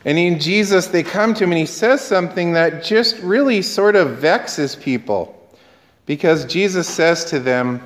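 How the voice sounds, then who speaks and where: Slow high-voiced pastor in reverberant hall. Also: male voice. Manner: conversational, quizzes the congregation, acts out quoted dialogue. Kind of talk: sermon.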